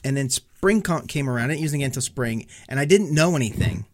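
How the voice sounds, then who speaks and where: A man's voice: mid-range voice, fast talker, slight background noise. A man co-hosting a casual podcast chat, telling stories with a lot of swearing and acting out his own angry outbursts. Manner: profane animated storytelling, acts out his own rage. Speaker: podcast co-host.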